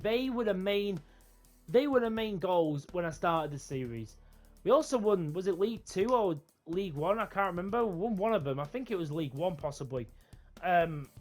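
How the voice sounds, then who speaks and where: A gaming YouTuber talks over his own football match, shouting his reactions at the game. He rambles and restarts his sentences as he goes. Faint game music plays underneath. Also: sits high. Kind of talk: live gameplay commentary and wrap-up chat.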